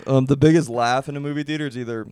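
A man bantering on a comedy podcast, firing quick profane jokes. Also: mid-range voice, steady tone, a little mellow, clean tone, no echo. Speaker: comedian podcast guest or host. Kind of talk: casual comedy podcast chat.

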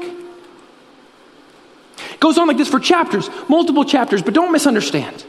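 A male pastor delivers a sermon in a strikingly high voice, telling a story and weaving in scripture with earnest conviction. His words carry a long hall reverb, as if spoken in a large church sanctuary. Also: expressive, a little slow, pauses often.

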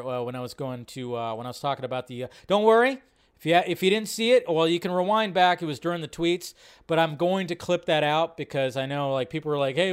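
A man's voice: a little high, clear, resonant tone. A man hosting a live online film show, casual, rambling and profane, with lots of fillers. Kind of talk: casual live-stream commentary.

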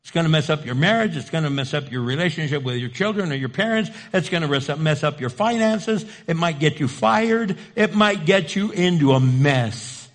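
A man's voice: fairly high pitch, lively intonation, moderate pace, few pauses. A male preacher giving a sermon, emphatic and repetitive, driving points home with rhetorical questions. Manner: emphatic, repeats key phrases, asks rhetorical questions.

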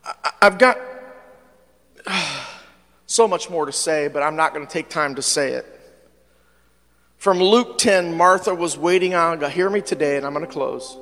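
A man preaching a sermon as pastor, in an animated style that swings from hushed to loud. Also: on the high side, normal speed, long reverb tail. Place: church sanctuary.

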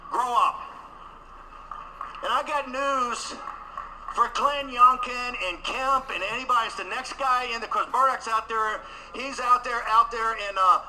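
A man giving a combative political rally speech at a conference, repeating phrases for emphasis and rising to shouts. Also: very high voice, a little slow, a little hiss or hum, rough recording. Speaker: conference speaker.

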